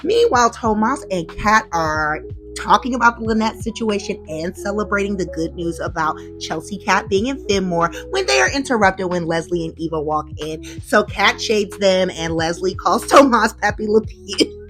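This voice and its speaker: A woman recapping a daytime soap in a casual, gossipy vlog, full of excited asides. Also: mid-range voice, moderate pace, soft background music. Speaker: soap opera recap host.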